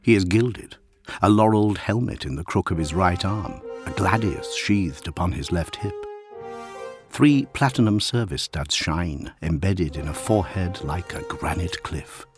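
A man narrating a dark science-fiction story in a scripted, hushed and dramatic delivery that at times drops near a whisper. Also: low voice, unhurried. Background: music.

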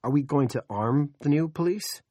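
A man voicing a frazzled middle-aged male police chief who talks out of breath, rapid and worried. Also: fairly high pitch, animated, mellow, no room sound, clean studio sound, voice pushed up. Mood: harried.

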